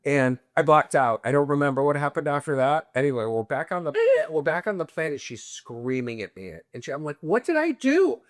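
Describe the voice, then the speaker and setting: A man's voice: medium pitch, fairly quick, hardly any pauses, no echo, clean studio sound. A young man telling a long anecdote in casual chat, quoting people in voices. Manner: animated anecdote-teller, quoting others in voices. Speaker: guest.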